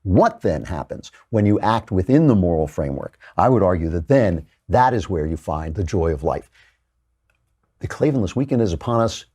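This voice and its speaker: A man's voice: low-pitched, sing-song, moderate pace, warm tone, slightly rough. A man hosting a commentary monologue, earnest and lecturing, with frequent restarts. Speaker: host.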